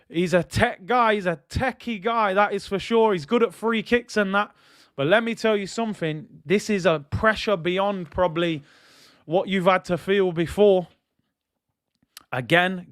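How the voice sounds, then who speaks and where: High-voiced man commentating excitedly. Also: clear, resonant tone, dry recording, clean studio sound. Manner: excitable, shouts and jumps in pitch at each goal, addresses viewers as "people". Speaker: watch-along host commentating on a penalty shootout. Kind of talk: live football commentary.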